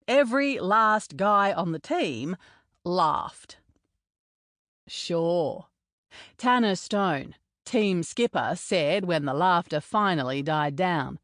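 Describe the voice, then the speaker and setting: A woman reading a novel aloud as an audiobook narrator, measured and steady. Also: medium pitch, no room sound, clean studio sound.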